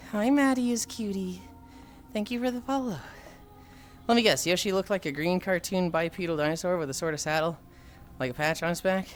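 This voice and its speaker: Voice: medium pitch, normal speed, pauses often, faint music behind. A streamer chatting casually with viewers while walking on a treadmill, tired from the long walk, exasperated and sighing often. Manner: exasperated, sighing often, reading and answering chat. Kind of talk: casual live-stream chat.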